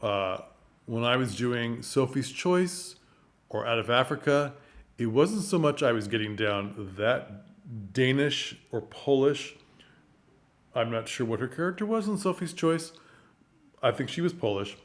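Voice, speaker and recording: Brief: male theatre coach, chatty, laughs a lot, mid-pitched voice. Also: lively intonation, a little slow. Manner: chatty, laughs often, many fillers. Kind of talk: casual talk to camera.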